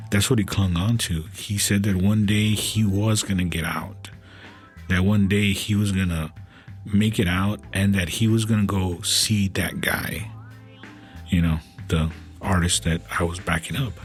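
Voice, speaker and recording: A man hosting a podcast, telling stories in a casual and halting way with many fillers and restarts. His voice sometimes turns soft and emotional. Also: lowish voice, breathy edge. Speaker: podcast host. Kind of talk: casual storytelling.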